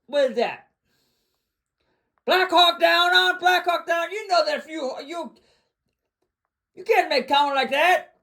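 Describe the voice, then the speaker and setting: Man, high voice, livestream host, boastful rant, repetitive, shouts often. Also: a little slow, gravelly, pauses often.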